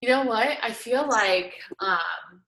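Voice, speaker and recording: A woman's voice: on the high side, animated, slow, vocal fry, sharp tone, slight background noise. A young woman telling a story in a casual chatty way, full of filler words. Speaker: guest recapping a seminar. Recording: roomy echo.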